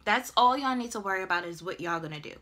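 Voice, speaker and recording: A woman voicing her calm, unbothered middle-aged mother, who speaks brisk and matter-of-fact. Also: medium pitch.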